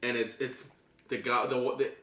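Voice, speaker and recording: Bright-voiced joking podcast guy. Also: mid-range voice, little pitch movement, normal speed, echoey room. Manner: joking, puts on silly voices, swears freely. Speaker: podcast co-host. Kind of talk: casual banter.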